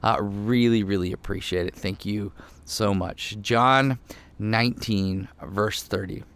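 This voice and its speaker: Male pastor, low voice, casual sermon, chatty, self-deprecating. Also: fairly even intonation, slow pace, a bit bright, clean tone. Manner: conversational, self-deprecating, many fillers and restarts.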